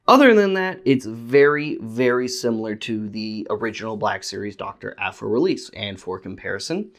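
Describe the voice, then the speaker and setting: A man reviewing a collectible figure in a casual, stammering way, often repeating words as he rants and then apologizes. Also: medium pitch. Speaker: toy reviewer.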